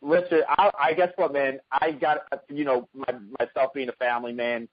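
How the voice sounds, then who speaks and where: A man hosting a radio interview, asking long, halting questions full of restarts. His voice sits in a middle range, and the sound is dry and dull with a lo-fi edge. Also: medium pitch, steady tone, no room sound. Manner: chatty, halting, many restarts. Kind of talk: casual interview.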